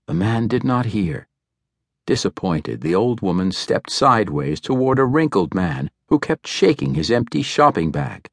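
A man narrating a novel as an audiobook reader, measured and expressive. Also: lowish voice, creaky, no room sound. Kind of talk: scripted narration. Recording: dry studio recording.

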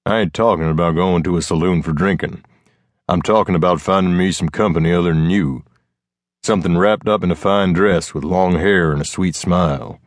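Brief: male narrator as a hulking Appalachian-accented outlaw, dull grunting low baritone, terse and blunt, dry close sound. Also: a little fast, no room sound, natural voice. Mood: gruff. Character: gruff burly male backwoods outlaw.

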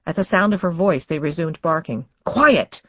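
A woman reading a suspense novel as audiobook narrator, in measured, tense storytelling. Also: low voice, no room sound, dull audio. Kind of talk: scripted narration.

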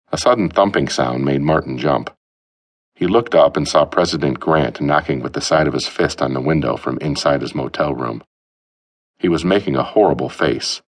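A man narrating a humorous novel as an audiobook, with an expressive storytelling delivery. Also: rumbling low, moderate pace. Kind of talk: scripted narration.

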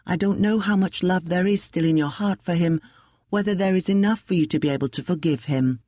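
A woman voicing a gentle, troubled young aristocratic woman in an audiobook, speaking softly and earnestly. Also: fairly low pitch, fairly quick, no room sound, clean studio sound, close to an everyday voice.

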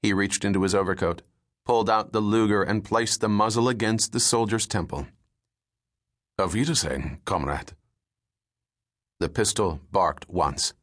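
A man narrating a thriller audiobook in a measured, steady storytelling manner. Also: on the low side. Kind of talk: scripted narration.

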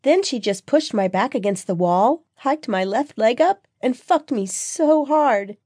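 A woman voicing an excited young best friend who gushes and giggles in an audiobook. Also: fairly high pitch, unhurried, slightly rough, dry recording, clean studio sound, voice pushed up. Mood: gossipy. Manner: giggly, gushing, breathless.

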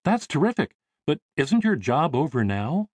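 A man's voice: fairly high pitch, very animated, moderate pace, darkish tone, breathy edge, no room sound, voice pushed up. A man playing an eager, curious teenage boy. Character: eager seventeen-year-old rich boy.

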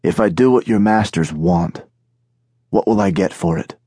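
A man voicing a wary, parched male captive with a rasping voice, in an audiobook. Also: low-pitched, normal speed, warm tone, no room sound, studio quality.

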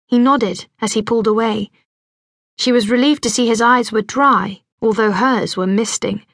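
A woman reading an audiobook in scripted narration, measured and gentle, close to a studio mic. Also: fairly high pitch, no room sound.

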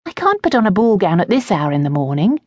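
Here the audiobook narrator gives the poised young noblewoman a sing-song lilt at a quick pace, medium in pitch and a little mellow. The debutante and patient daughter meets her father with composed, tart asperity, and the recording has no room sound.

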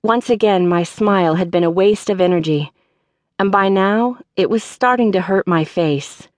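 A woman narrating a mystery audiobook in the first person, in a wry, measured voice. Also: medium pitch, dry recording. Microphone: studio microphone.

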